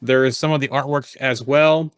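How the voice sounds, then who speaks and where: A man's voice: mid-range voice, steady tone, moderate pace, clear, resonant tone, no echo, studio quality. A man co-hosting a casual podcast chat, rambling with lots of fillers and restarts. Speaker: podcast co-host.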